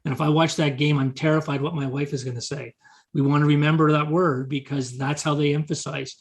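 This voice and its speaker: A man's voice: a little high, flat delivery, a little fast. A man teaching a live real estate seminar, often repeating short words as he quotes example dialogue to the audience. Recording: meeting talk to an audience.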